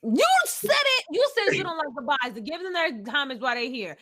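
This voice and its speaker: A woman's voice: high-pitched, very animated, fairly quick, over a noisy crowd. A young woman co-hosting a podcast in casual chat, openly emotional and laughing often as she talks. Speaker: podcast co-host.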